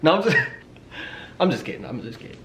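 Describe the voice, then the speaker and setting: A man's voice: on the high side, brisk. Chatty young man in an echoey room. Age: 20s. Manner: chatty and animated, swears a lot, jokes and teases. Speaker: vlogger. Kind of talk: casual storytime. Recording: roomy echo, faint noise.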